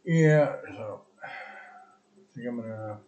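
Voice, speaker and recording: A man rambles through his own live stream, swearing freely and trading in sarcasm. His voice sits in an ordinary middle pitch. The sound is dull and lo-fi, like a home stream setup. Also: slow, dark tone. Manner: crude, profane, rambling and sarcastic. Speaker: podcast host. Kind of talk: solo live stream chat.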